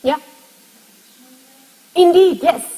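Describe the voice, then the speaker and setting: A woman's voice: very high-pitched, extremely slow, mellow, in a large hall, low-quality recording. A woman lecturing a university class, explaining step by step and putting questions to her students.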